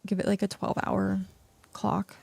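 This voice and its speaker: Gravelly-voiced woman streamer thinking aloud. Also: mid-range voice, completely flat delivery, measured pace, darkish tone. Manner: rambling, thinking aloud with many fillers. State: hiccuping and yawning. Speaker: game streamer. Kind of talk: casual streaming chat while playing.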